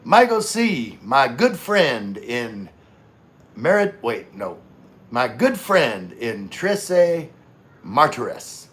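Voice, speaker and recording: A man doing an impression of an overly enthusiastic grown man greeting friends, loud, high and stretched out. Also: big pitch swings, extremely slow, exaggerated voice. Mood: exuberant.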